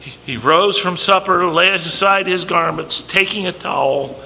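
A man's voice: high-pitched, normal speed, vocal fry, pushed and bright. A man preaching a sermon, emphatic, acting out quoted lines from scripture. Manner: emphatic, acts out quoted dialogue. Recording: long reverb, faint background noise.

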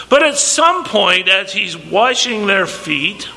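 A man's voice: sits high, very animated, slow, vocal fry, few pauses, bright, forceful tone. A man preaching a sermon, emphatic, acting out quoted lines from scripture. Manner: emphatic, acts out quoted dialogue. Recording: long reverb, faint background noise.

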